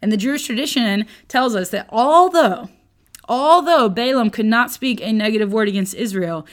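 A woman teaching a casual Bible lesson, conversational and playful, who often checks in with her listeners. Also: mid-range voice. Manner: conversational, keeps checking in with "okay?", playful asides.

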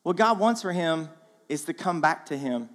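Male guest preacher with a fairly high voice, casual and animated, recorded with a long church-hall echo. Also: moderate pace. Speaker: guest speaker. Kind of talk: sermon. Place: church auditorium.

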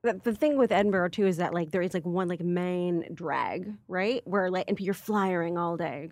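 A woman's voice: fairly low pitch, moderate pace, few pauses, a little mellow, no room sound. A woman comedian telling rambling stories in a casual podcast chat, full of filler words. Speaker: stand-up comedian guest.

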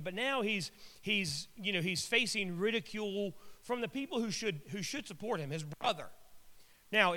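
Bright-voiced man preaching in a reverberant hall. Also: high-pitched. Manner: conversational, joking asides. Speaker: pastor. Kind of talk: sermon with casual storytelling.

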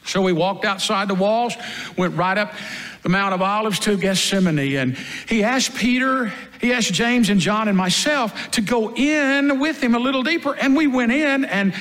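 A man performs a first-person dramatic monologue as the apostle Peter, telling the story earnestly in a high voice at normal speed. The mood is hushed and grave, his delivery moves between loud and quiet passages, and the recording carries a long hall reverb.

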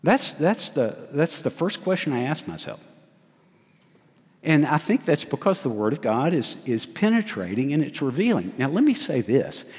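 Animated middle-aged pastor in a reverberant hall. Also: male voice, fairly high pitch, moderate pace. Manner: animated preacher, asks the congregation questions, laughs at himself. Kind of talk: sermon. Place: church sanctuary. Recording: long church hall reverb.

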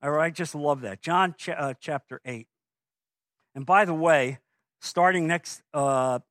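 A man preaching a sermon as pastor, building to forceful emphasis with rhetorical questions, and stumbling over restarts in asides. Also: mid-range voice, no echo, studio quality. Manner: frequent fillers and restarts when speaking offhand.

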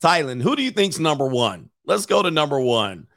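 A man hosting a casual commentary show, reacting to a list with jokes and loud exclamations. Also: a little high, big pitch swings, normal speed, no room sound, clean studio sound.

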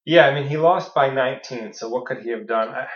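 A man co-hosting a podcast, chatting casually about fantasy football with dry, deadpan teasing. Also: medium pitch, fairly quick. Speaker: podcast co-host. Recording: echoey room, dull lo-fi sound.

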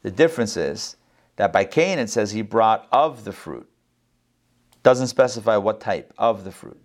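A man's voice: lowish voice, animated, a little slow. A middle-aged man giving a conversational Torah lesson. He jokes often, repeats words as he goes, and adds chatty asides. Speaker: rabbi teaching Torah class.

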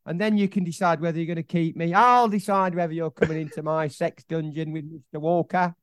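A man's voice: fairly high pitch, steady tone, a little fast, no echo, clean studio sound, lightly acted. A man putting on a blustering swearing club boss.

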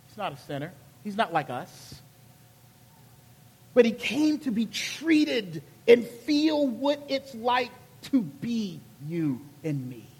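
A male pastor from Charleston, South Carolina, with a Southern accent and a high voice, preaching a sermon in an animated, colloquial storytelling way. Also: husky, long reverb tail.

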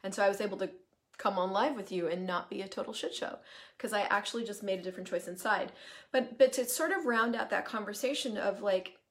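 A woman's voice: medium pitch, fairly quick. A woman talking casually on a live video, chatty and emphatic, greeting viewers as she goes and swearing freely. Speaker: certified facilitator hosting a live video. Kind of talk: casual live-stream monologue.

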